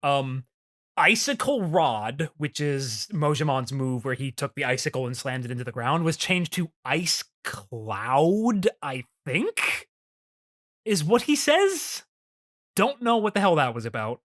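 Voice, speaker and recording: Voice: medium pitch, animated, measured pace, fairly bright tone. Young adult podcast co-host rambling through episode notes, lots of um and like, laughs a lot. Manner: rambling, laughing, many fillers and restarts. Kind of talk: casual chat about an anime episode.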